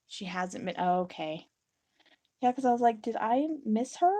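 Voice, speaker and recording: A woman's voice: fairly high pitch, animated, moderate pace, warm tone, no echo. A young woman live-streaming her resin crafting in a casual, rambling chat. She reads and answers viewers' comments and acts out her own reactions in little quotes.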